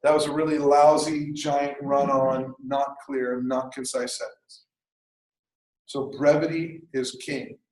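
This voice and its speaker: A man teaching a writing workshop in a classroom, lecturing in a lively, conversational way with jokey asides. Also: mid-range voice, takes it slowly, echoey room, low-quality recording. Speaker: writing instructor.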